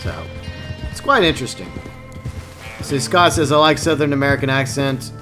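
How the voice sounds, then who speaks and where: With faint music in the background, a man streaming an online game talks to chat in a mid-range, steady, sharp-toned voice at a moderate pace, rambling and often restarting what he's saying.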